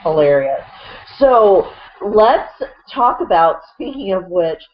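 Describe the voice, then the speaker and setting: A woman's voice: mid-range voice, very animated, slow pace. A woman co-hosting a casual sports chat, rambling with lots of fillers and restarts. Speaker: co-host. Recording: dull lo-fi audio.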